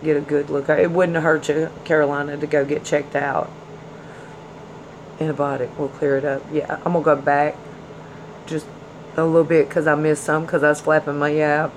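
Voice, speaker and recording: A woman's voice: low-pitched, little pitch movement, normal speed, slight background noise, low-quality recording. A woman hosting a tarot livestream, chatting casually with viewers and reading their comments. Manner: chatty, folksy, addresses viewers as y'all and hon.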